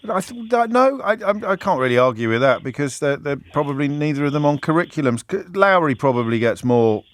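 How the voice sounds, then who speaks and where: A man hosting a radio phone-in, talking quickly and emphatically and cutting in on his callers. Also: on the high side, expressive. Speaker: radio talk show host.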